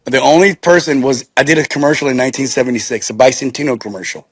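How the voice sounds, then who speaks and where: A middle-aged man, a podcast guest, telling anecdotes in a casual, lively way and acting out the voices of the people in them. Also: medium pitch, quick pace, husky, no room sound, studio quality. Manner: animated storyteller acting out quotes.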